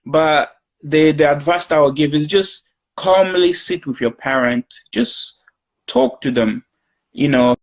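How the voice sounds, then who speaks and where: A man speaking as a guest in a live discussion, giving calm, earnest advice and now and then acting out conversations between a child and a parent. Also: a little high, poor audio. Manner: acts out parent-child conversations in quoted speech.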